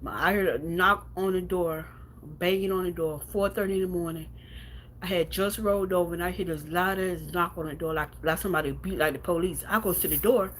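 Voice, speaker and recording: Livestreaming from home, a woman tells a painful personal story bluntly and profanely, repeating herself a lot, and then reads out viewer comments. Her lowish voice has fairly even intonation and moves a little fast, with a faint hiss or hum in the audio.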